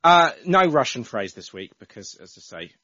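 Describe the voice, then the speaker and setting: A man's voice: mid-range voice, big pitch swings, normal speed, pushed and bright, no echo. A man hosting a casual football podcast, chatty and full of restarts. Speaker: podcast host. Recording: dull, dry, lo-fi sound.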